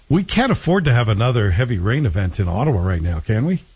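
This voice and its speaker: A man hosting a radio talk show, chatty and jokey, telling stories with animated pacing. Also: lowish voice, fast, hardly any pauses, husky, highs cut off.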